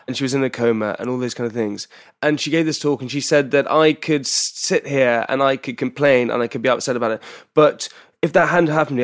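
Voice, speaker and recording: A young man, a podcast guest, talking earnestly and rambling, often doubting himself. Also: medium pitch. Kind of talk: casual interview chat.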